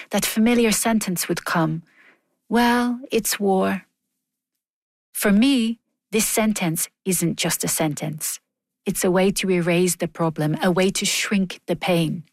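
A woman's voice: mid-range voice, no room sound, studio quality. A woman reading a first-person voice-over in an earnest, weary, restrained manner.

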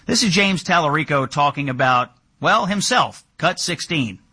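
Male talk-show host, bright and husky, sardonic punchy delivery. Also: fairly high pitch, lively intonation, moderate pace. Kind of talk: political talk show hosting.

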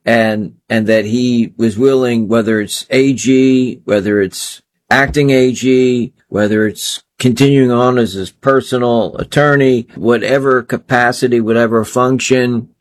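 A man hosting a solo political commentary show, talking in an indignant, scornful way and piling up phrase after phrase. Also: medium pitch.

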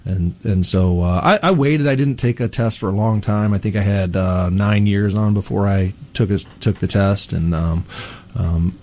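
Low-voiced man telling stories, halting. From Peoria, Illinois. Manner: relaxed storytelling, many ums and restarts. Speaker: police chief. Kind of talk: casual interview.

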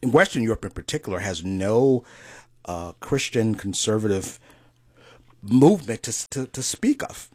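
Husky indignant man talking politics. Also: on the low side, sing-song, moderate pace, mellow, no echo. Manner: indignant, emphatic, trailing off. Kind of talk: casual political chat.

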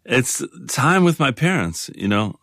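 Male guest in his 60s, reflective and halting, dry close sound, mid pitch. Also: very animated, fairly bright tone, no room sound. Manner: halting and reflective, many restarts. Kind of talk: casual conversation.

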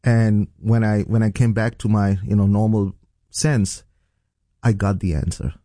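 Earnest low-voiced pastor from Pakistan. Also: male voice, fairly even intonation, measured pace, warm tone, dry recording, studio quality. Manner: earnest, storytelling. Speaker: pastor, guest. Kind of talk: personal testimony in an interview.

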